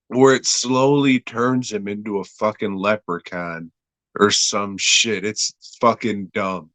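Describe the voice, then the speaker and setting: A man co-hosting a podcast, mocking a movie in a slow, sardonic, profane way. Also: mid-range voice, a bit bright, dry recording. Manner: slow, sardonic, laughs at his own jokes. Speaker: podcast co-host. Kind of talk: casual profane movie review chat.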